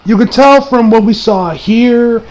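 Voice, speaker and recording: High-voiced excitable young man recapping. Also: measured pace, low-quality recording. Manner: excitable, rambling, swears freely, lots of 'you know'. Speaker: anime reviewer. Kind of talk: casual episode recap.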